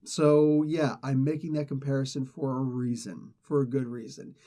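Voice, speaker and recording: A man's voice: medium pitch, little pitch movement, moderate pace, mellow. A man casually reviewing a comic book, rambling and correcting himself as he gives his opinions. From not British.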